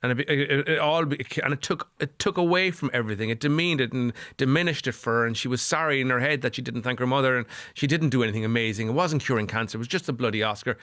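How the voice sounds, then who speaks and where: A man's voice: mid-range voice, quick pace, few pauses, fairly bright tone, no room sound, clean studio sound. A middle-aged Irish man speaking as a psychotherapist guest on a podcast, earnest and repeating phrases for emphasis. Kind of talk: podcast interview.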